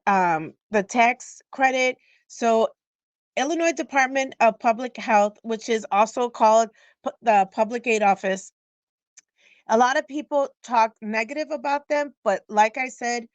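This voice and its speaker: Middle-aged woman, higher voice, frank and chatty, lots of ums, dry close sound, casual talk at a live online event. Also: no room sound. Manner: candid, conversational, frequent ums and restarts. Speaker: lupus navigator speaking at a live online event.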